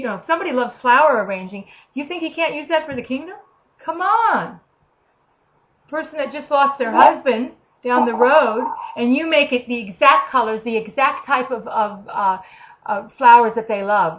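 A woman's voice: on the high side, muffled recording. A woman giving an informal, earnest sermon, talking conversationally and acting out the voices of the people she quotes. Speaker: preacher.

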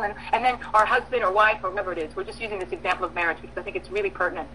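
A woman preaching a sermon, emphatic, with bursts of loud stress and soft pauses, acting out prayers and dialogue. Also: medium pitch, slight background noise, low-quality recording. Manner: acts out prayers and quoted dialogue.

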